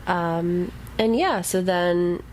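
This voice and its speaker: A woman's voice: on the low side, very slow, darkish tone, slight background noise, low-quality recording. A woman co-hosting a casual book podcast, talking loosely and swearing freely. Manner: casual and profane, with frequent agreeing fillers. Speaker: podcast co-host.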